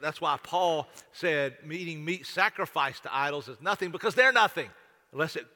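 Folksy preacher with a bright voice. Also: male voice, a little high. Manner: folksy, repetitive, stammering restarts. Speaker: pastor. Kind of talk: sermon. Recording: long hall reverb.

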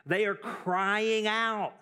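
A man with a notably high voice preaches to his church in a loose, talky way. He wanders into asides and doubles up his words to stress a point. He grew up in Texas. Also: flat delivery, very slow, sharp tone, clear, resonant tone. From Texas, United States. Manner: conversational, with asides and repeated words for emphasis. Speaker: pastor. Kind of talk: sermon.

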